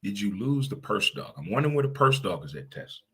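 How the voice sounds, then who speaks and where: A middle-aged man hosting a casual talk show, animated and quick to laugh, swearing casually. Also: on the low side, breathy edge. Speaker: show host.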